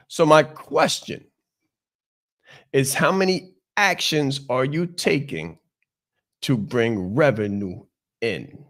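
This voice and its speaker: A man's voice: mid-range voice, takes it slowly, long pauses, a bit bright. A man hosting a business podcast as a coach, giving an emphatic motivational talk and repeating his key phrases.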